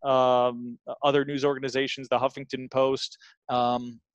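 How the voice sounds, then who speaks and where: A man's voice: medium pitch, level tone, a little slow, clean tone, no room sound, lo-fi sound. A man in his thirties from New Jersey, a guest telling his story earnestly in a casual interview, with lots of fillers and restarts.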